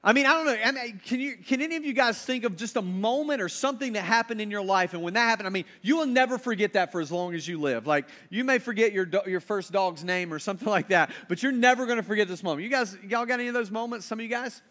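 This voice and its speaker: A man's voice: sits high, expressive, fast talker, hardly any pauses, bright, forceful tone. A man in his thirties, a pastor preaching a sermon in a casual storytelling way, asking the crowd questions.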